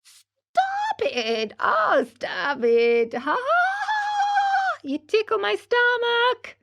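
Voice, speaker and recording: A woman's voice: wildly swooping pitch, very slow, pushed and bright, exaggerated voice. A woman voicing the tiny, pleading voice of a living wooden log. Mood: giggling. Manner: high, squeaky and pleading.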